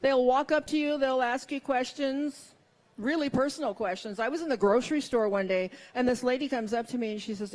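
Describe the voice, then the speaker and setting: A woman's voice: a little high, brisk, darkish tone. A middle-aged woman performing a stand-up comedy set, with wry, self-mocking punchlines.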